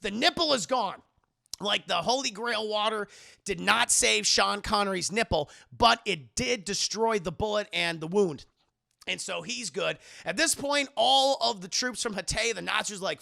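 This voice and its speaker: High gravelly animated man. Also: moderate pace. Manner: animated, jokey, acts out scenes. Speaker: streamer reviewing a movie. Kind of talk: casual profane chat.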